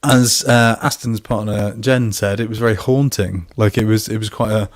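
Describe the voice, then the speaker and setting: A man with a fairly low voice co-hosts a casual online show over a video call. He teases his co-host, laughs easily and tells loose anecdotes. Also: fairly even intonation, normal speed. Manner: laughs often, teasing, chatty storyteller. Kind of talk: casual chat.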